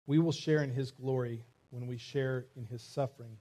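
A man preaching a sermon as a church pastor, reading scripture and speaking to his congregation in a measured way. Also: medium pitch, fairly even intonation, dark tone. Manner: preaching with rising intensity, measured pacing.

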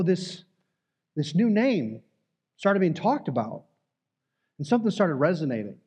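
A man's voice: on the high side, sing-song, measured pace, long pauses, mellow, husky. A man, a church elder, giving an earnest, conversational sermon with some fillers and restarts.

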